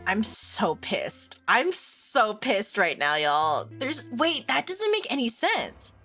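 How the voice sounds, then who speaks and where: A woman's voice: medium pitch, sing-song, takes it slowly, sharp tone. A young woman streaming a game, reacting dramatically, exclaiming and swearing to her chat. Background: faint game music.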